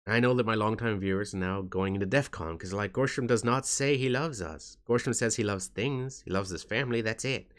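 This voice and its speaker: A man vlogging to his viewers in a soft, halting way, tired and in pain. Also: fairly low pitch. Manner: soft-spoken, halting, with frequent restarts. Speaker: YouTuber. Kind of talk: casual talk to camera.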